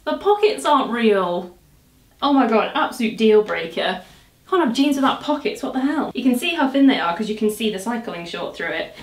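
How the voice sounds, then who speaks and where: Very animated, her voice a little high and her speed normal, a young woman films a casual try-on vlog as she fights her way into clothes. She jokes at her own expense, exclaims and groans, and is sometimes out of breath in an echoey room.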